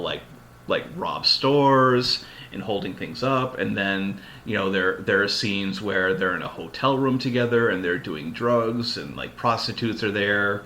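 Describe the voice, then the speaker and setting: A man's voice: on the low side, sharp tone, slight background noise. A man hosting a podcast, retelling a long story in casual chat, rambling and full of filler words. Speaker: podcast host.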